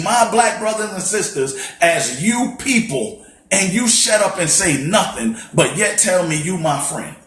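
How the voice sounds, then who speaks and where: A man's voice: sits high, fairly bright tone, slight background noise. Passionate man with roomy echo. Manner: passionate, preacher-like repeated rhetorical questions. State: fighting back tears. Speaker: podcast co-host. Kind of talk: impassioned podcast monologue.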